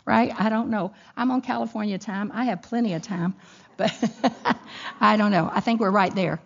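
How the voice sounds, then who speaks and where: Expressive woman preaching to a women's group. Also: mid-range voice, moderate pace, creaky. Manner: expressive storytelling, acts out voices in quotes. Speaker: women's Bible teacher. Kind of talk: sermon with personal story. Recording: dull lo-fi recording.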